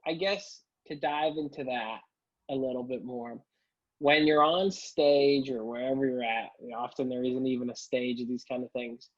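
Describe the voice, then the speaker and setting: A man's voice: medium pitch, dull audio. Rambling male podcast host. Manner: rambling questions with restarts. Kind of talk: casual interview chat.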